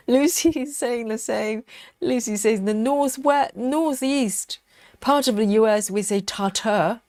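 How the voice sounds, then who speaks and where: A woman's voice: on the high side, slow pace, warm tone, dry recording, studio quality. A woman hosting a live stream, chatting casually and reading viewer comments aloud, teasing them playfully and laughing often.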